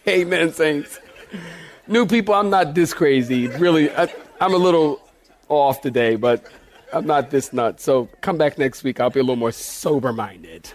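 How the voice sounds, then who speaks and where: Preaching with a slightly high voice at a somewhat slow pace, this pastor spins joking stories for the congregation. He laughs frequently and addresses them as "y'all."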